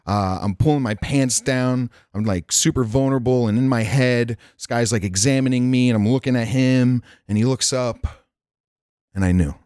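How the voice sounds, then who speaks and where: A man's voice: mid-range voice, a little mellow, clear, resonant tone, no room sound, clean studio sound. A man telling a candid personal story in casual podcast chat, frank and rambling, swearing freely. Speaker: podcast guest. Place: Nashville.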